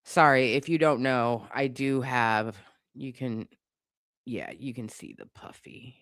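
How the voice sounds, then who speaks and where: A vlogger in a living room with a couch and a cat casually comments on song lyrics, sarcastic and often laughing. This YouTube commentator's medium-pitched voice is a bit bright and slow, recorded dry at studio quality.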